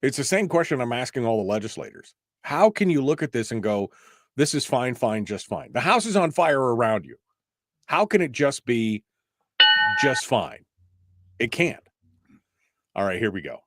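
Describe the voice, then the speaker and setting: A man's voice: medium pitch, sing-song, moderate pace, long pauses, background noise. A man hosting a political talk radio show, exasperated and emphatic, firing off rhetorical questions.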